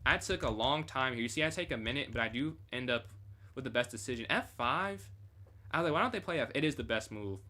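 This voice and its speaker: A man's voice: medium pitch, animated, quick pace, pushed and bright. A young man casually reviewing his own chess game on a stream, thinking aloud and chatting with viewers.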